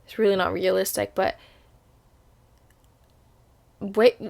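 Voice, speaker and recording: A vlogger in her twenties talks straight to camera in a chatty, upbeat monologue, often restarting her sentences. Her mid-range voice is slow, level, and gravelly, with a slightly mellow quality.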